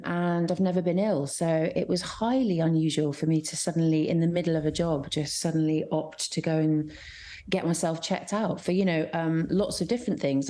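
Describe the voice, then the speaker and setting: Middle-aged woman from scotland chatting on the radio, lowish voice, lots of ums, talks fast in bursts. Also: dark tone. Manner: candid, chatty, many restarts and fillers, quick bursts. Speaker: actress, guest. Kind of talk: radio interview.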